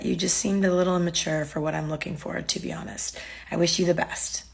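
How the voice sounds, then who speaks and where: A woman's voice: on the low side, fairly even intonation, brisk, gravelly, darkish tone, breathy edge. A young woman casually telling a dating story to camera, wry and exasperated, reading out the texts she got.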